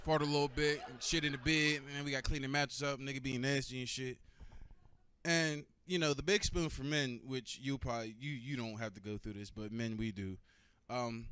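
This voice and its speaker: A young man doing stand-up comedy, profane and animated, bantering with the audience. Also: medium pitch, fairly quick, clean tone.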